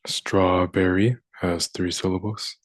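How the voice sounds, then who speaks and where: Slow, low-voiced man teaching phonics. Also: level tone, dry recording. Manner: slow and deliberate, sounding out words. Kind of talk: phonics lesson.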